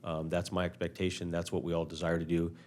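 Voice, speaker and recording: A deep-voiced man addresses the council as fire chief. His speech is halting and full of uhs and ums. His tone is plain and earnest, with faint room noise behind him. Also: monotone, a little mellow. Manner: halting, many filler words. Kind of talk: council meeting remarks.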